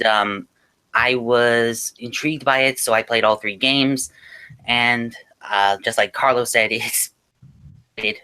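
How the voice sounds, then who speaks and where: Male panel guest from Oregon, bright tone, jokey. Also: mid-range voice. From Oregon, United States. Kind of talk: casual chat.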